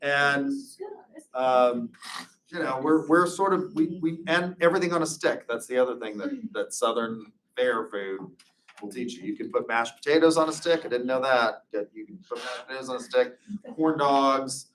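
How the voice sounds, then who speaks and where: A man's voice: mid-range voice, moderate pace, a bit bright, recorded from a distance, slight background noise. A man giving an informal classroom lecture, chatty and anecdotal, drifting into loose personal stories. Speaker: instructor.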